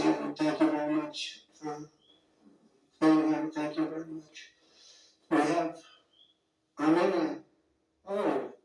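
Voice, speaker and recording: Gravelly, a little high and darkish in tone, a man's voice carries a political leader's rambling, impromptu summit speech full of digressions and superlatives. The sound is distant and very echoey, with faint music in the background.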